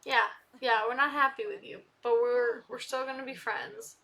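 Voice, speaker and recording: A young woman casually commenting on a life-sim game, chatting to the characters and getting loudly indignant at times. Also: a little high, fairly even intonation, moderate pace, gravelly. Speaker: gaming video creator.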